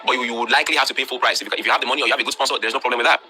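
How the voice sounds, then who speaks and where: A man with a Nigerian accent hosting an online class, lecturing students bluntly and forcefully, with lots of rhetorical questions. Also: mid-range voice, steady tone, racing, slight background noise. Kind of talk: live-streamed talk to students.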